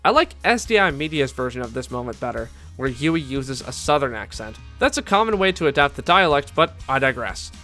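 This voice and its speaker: A man's voice: mid-range voice, big pitch swings, a little fast, few pauses, bright, forceful tone, faint music behind. A man giving scripted video-essay narration as an anime commentator, enthusiastic and candid with fan asides.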